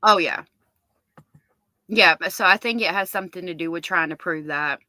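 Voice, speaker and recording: A woman's voice: on the low side, normal speed, bright, forceful tone, no echo. A woman hosting a casual livestream, reading viewer comments aloud and reacting to them. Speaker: livestream host.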